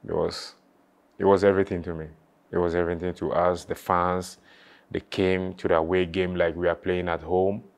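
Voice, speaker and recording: A man who once played football recalls his career in a low, flat voice during an emotional interview. He halts, repeats words, says "you know" a lot, and is sometimes on the verge of tears.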